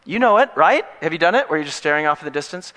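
A pastor preaching an animated sermon, joking with his congregation and dropping from loud, emphatic points into hushed asides. His voice is bright, forceful and a little high for a man. It rings through a church sanctuary with a long hall reverb. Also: racing.

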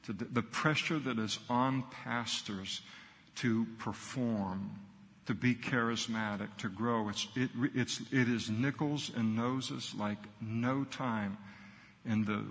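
A man's voice: mid-range voice, slow, a bit bright, in a large hall. A middle-aged man, a pastor, preaching a sermon earnestly and emphatically in short punchy phrases.

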